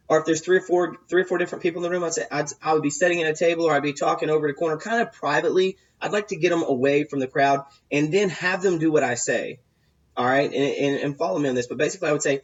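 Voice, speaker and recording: A man's voice: a little high, fast, highs cut off. A man giving casual sales advice, rambling and repeating himself, with many fillers and restarts. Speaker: sales coach.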